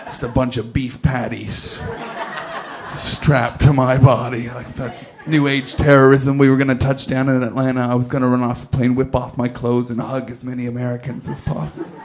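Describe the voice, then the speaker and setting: A man's voice: mid-range voice, level tone, normal speed. A young man doing stand-up and then chatting as a guest, telling stories in a laid-back, self-mocking way. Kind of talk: stand-up set then chat-show interview. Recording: noisy live venue recording.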